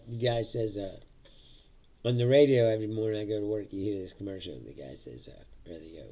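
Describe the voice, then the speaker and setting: A man's voice: mid-range voice, vocal fry, a bit bright, highs cut off. A man hosting a casual solo livestream, sardonic and profane, laughing often at his own jokes. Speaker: livestream host. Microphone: streaming setup mic.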